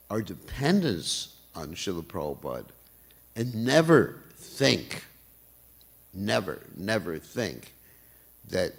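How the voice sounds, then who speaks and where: An older man gives a morning class in a low, gravelly voice. He talks in a lively, swinging way, laughing often as he explains. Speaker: temple class speaker. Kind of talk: sermon. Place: temple hall.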